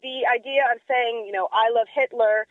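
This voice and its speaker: A woman's voice: a little high, steady tone, moderate pace, no echo. Woman critic on a tinny phone line. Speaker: style editor interviewed as a fashion critic. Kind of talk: news interview clip.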